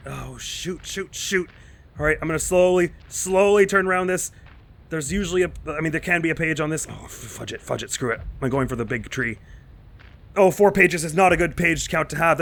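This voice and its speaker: This gaming channel host speaks with a fairly high pitch and a fairly bright tone while commentating a horror let's play. Rambling and self-deprecating, he drops jittery nervous asides, and when he gets scared his words go panicky and mumbled.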